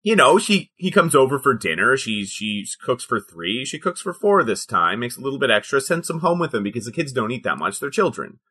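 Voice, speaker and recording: A man's voice: medium pitch, very animated, fairly quick, few pauses, pushed and bright, husky. A man co-hosting a casual comedy podcast, explaining things in a rambling way with many fillers and frequent laughs. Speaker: podcast co-host.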